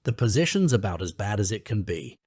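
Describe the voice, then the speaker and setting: A man's voice: fairly low pitch, very animated, fairly quick, darkish tone, husky, no echo, studio quality. A man voicing a grumpy, eager little male mole.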